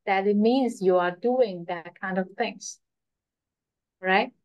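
Slow, patient woman teaching Chinese. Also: medium pitch, a little mellow, no room sound. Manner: patient, repeats phrases, frequent fillers. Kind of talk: slow, repetitive online language lesson. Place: school. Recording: slightly dull, dry lo-fi sound.

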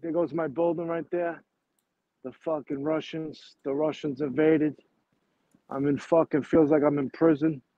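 A man's voice: on the high side, flat delivery, measured pace, no room sound, muffled recording. A man on a video call showing his neighborhood, rambling and swearing in a streetwise way. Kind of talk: casual chat.

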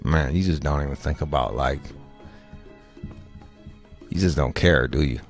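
This podcast host from Michigan has a low, rumbling voice and a measured pace, with faint music playing behind him. He tells stories in loose, profane banter, rambling along and frequently restarting his sentences.

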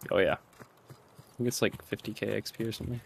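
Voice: medium pitch, steady tone, fast talker, creaky, a little hiss or hum. A teammate in an online shooter, laid-back and giving short callouts over voice chat. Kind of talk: casual gaming chat over voice chat.

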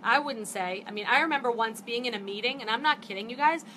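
A woman in her fifties hosts a casual live stream, chatting in a bright, forceful voice that sits a little high. She talks animatedly and gets fired up, with a faint hum of room ambience behind her. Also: fast talker. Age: 50s. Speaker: network marketing host. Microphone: phone or webcam for a live stream.

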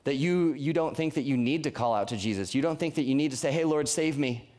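A man's voice: mid-range voice, fast talker, darkish tone. A young man preaching a youth sermon in an earnest, conversational way, often restarting his sentences. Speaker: youth pastor.

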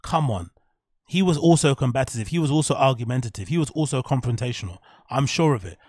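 Male podcast host, quick-talking, blunt and profane, dry close sound, casual commentary. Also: mid-range voice, lively intonation, a little mellow, no room sound.

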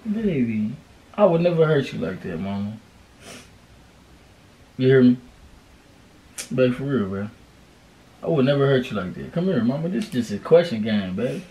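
Slangy young man with lively pitch. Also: moderate pace, pauses often. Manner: slangy, profane, soothing and pleading with his partner. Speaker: vlogger co-host. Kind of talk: casual couple challenge chat.

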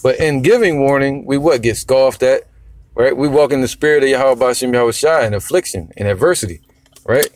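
A man preaching bluntly and emphatically, swearing now and then and reading scripture slowly. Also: mid-range voice, slight background noise.

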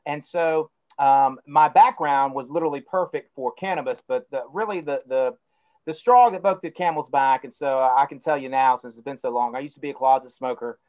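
An energetic, enthusiastic man from North Carolina with a Southern twang, talking as an interview guest on a video call. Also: medium pitch, a little fast. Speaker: guest, cannabis company CEO. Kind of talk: casual interview talk. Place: outdoors by a plant facility, on a video call. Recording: dull lo-fi video call audio.

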